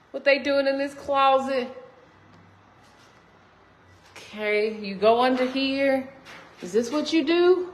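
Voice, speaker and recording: A woman realtor giving a chatty walkthrough tour of a new home, exclaiming often and talking to viewers as y'all, filmed on a phone inside an empty house under construction. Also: on the high side. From Texas. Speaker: realtor touring a model home. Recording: echoey empty rooms with faint noise.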